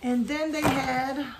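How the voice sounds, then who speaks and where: A woman's voice: sits high, background noise. Chatty woman showing toys. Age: adult. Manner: chatty, addresses viewers as y'all, hums theme tunes. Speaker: haul video host. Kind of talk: casual haul vlog.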